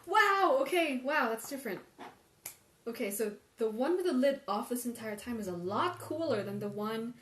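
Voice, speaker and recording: Woman thinking out loud at a tea tasting livestream, mid pitch, echoey room, a bit of hum behind. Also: expressive, normal speed. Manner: thinking aloud, musing, comparing tastes. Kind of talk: live tasting chat, reading viewer questions. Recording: roomy livestream audio with faint ambience.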